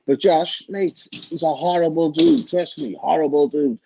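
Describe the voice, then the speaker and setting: A man's voice: a little high, animated, unhurried, vocal fry, warm tone, slight background noise. A British man in casual chat, talking emphatically and hammering his points home with repeated reassurances. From Britain. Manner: emphatic, repeats "trust me, mate". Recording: dull lo-fi recording.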